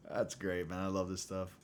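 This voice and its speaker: A man's voice: low voice, completely flat delivery, unhurried. Laughing man in his late twenties. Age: late 20s. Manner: laughs often, rambling and facetious. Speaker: livestream host. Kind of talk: casual chat with viewers.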